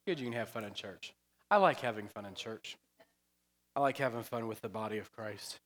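A man's voice: lowish voice, a little fast, in a large hall. A man preaching a casual, joking sermon in a church, breaking into chatty asides and laughing often. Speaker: pastor. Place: church sanctuary.

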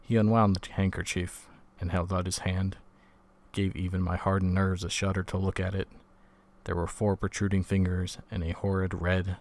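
A man reading a story aloud in a measured, even way, lightly voicing the dialogue. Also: sits low. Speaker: audiobook reader. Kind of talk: scripted narration.

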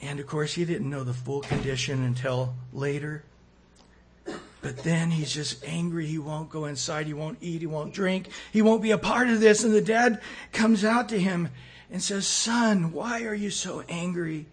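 A man preaching a sermon, acting out quoted voices and swinging between loud and soft. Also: on the high side, fairly even intonation, moderate pace, husky. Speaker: pastor.

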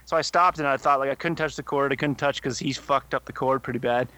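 Bright-voiced man telling a rambling story. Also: medium pitch, fast, dry recording. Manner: swears constantly, rambling animated storytelling. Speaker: podcast co-host. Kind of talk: casual chat.

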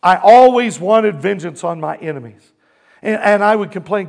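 Speaking at a normal pace with vocal fry, a pastor preaches with big shifts between loud, booming sections and soft, hushed ones. He keeps calling to the congregation to respond.

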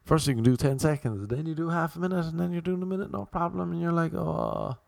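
A man's voice: fairly high pitch, fairly even intonation, quick pace, vocal fry, darkish tone, no room sound, clean studio sound. A young Irish man with an Irish accent, rambling through a loose comic monologue and drifting off on tangents. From Ireland. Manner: loose, jokey, goes off on tangents. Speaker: comedian.

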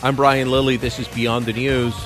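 A man's voice: mid-range voice, level tone, moderate pace, over music. A man hosting a call-in radio talk show, opinionated and sarcastic with punchy emphasis, speaking into a studio microphone.

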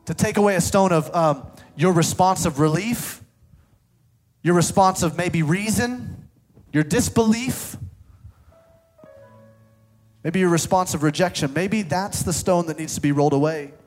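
A man preaching, his voice sitting a little high for a man. He shifts between loud, excited reading and hushed, intimate appeals, with joking asides along the way. Soft music plays underneath. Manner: playful asides with laughter. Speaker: pastor. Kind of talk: sermon.

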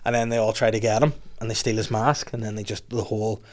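A man's voice: on the low side, level tone, fast talker. A man in his thirties hosting a podcast, rambling and laughing through casual chat. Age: 30s. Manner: rambling, laughing, slips into put-on voices. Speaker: podcast host.

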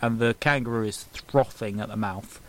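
A man's voice: fairly low pitch, moderate pace, poor audio. A man narrating an improvised comedy story for a friend, often laughing at his own silliness. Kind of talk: improvised comedy podcast chat.

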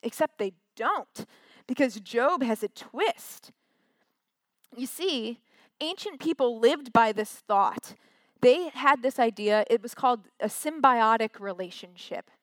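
A woman's voice: a little high, animated, slow, a bit bright, dry recording. A woman giving a casual, chatty sermon from a stage, acting out quotes in little voices. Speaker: preacher.

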